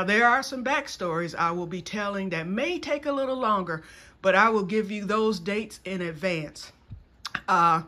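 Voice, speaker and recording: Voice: medium pitch, bright, forceful tone. A vlogger in their fifties, chatting casually to camera outdoors in a wooded yard and jumping between topics. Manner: rambling, jumps between topics.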